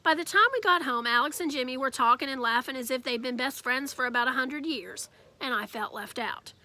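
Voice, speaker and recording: A woman reading a children's novel aloud with lively storytelling. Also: high-pitched, fairly quick, no echo. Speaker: reader.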